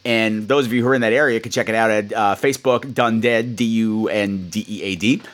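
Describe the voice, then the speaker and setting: A man's voice: on the low side, fairly even intonation, a little fast, fairly bright tone. A man hosting a podcast, chatting in a campy, cheeky, playful way. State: coughing. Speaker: podcast host. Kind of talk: casual podcast monologue.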